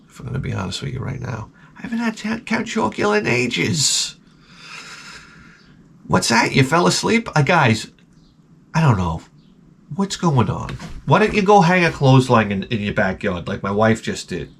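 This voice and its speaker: A man hosting his vlog, telling a profane comic story in an animated rant full of stammered restarts. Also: fairly high pitch, moderate pace, vocal fry, slight background noise. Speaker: vlogger host.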